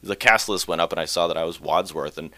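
A man talking casually about acting in a stage play, telling his story with laughs and quick asides. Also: sits low, pushed and bright, no echo. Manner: chatty, laughs often, acts out quoted voices. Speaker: community theater actor, guest. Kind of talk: casual interview chat.

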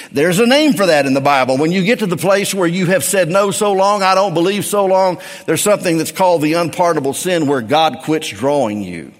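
A middle-aged man, a pastor, preaching a sermon with emphatic swings between raised and hushed delivery. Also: on the high side, big-room sound.

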